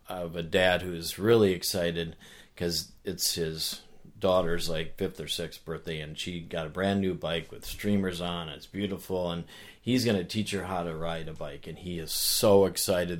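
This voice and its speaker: Low-voiced man telling stories earnestly. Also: normal speed. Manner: animated storyteller who acts out voices; earnest, with frequent restarts. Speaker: author and guest. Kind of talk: casual conversation.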